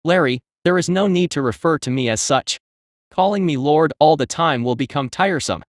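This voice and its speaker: A man's voice: fairly high pitch, normal speed, no room sound, clean studio sound, close to an everyday voice. A man reading as a weary demonic tree spirit. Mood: dignified. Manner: tries to sound dignified and grand.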